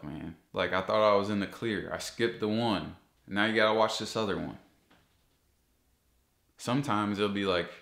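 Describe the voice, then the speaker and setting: A man vlogging, ranting about ads with heavy swearing, his voice jumping up high when he gets exasperated. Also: lively intonation, moderate pace, vocal fry, fairly bright tone, echoey room. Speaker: YouTuber. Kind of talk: casual ranting vlog.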